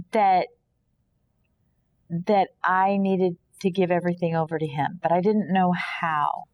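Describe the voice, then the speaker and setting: A woman from Kansas, a podcast guest, earnestly sharing a personal faith testimony and often acting out imagined dialogue. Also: mid-range voice. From Kansas, USA.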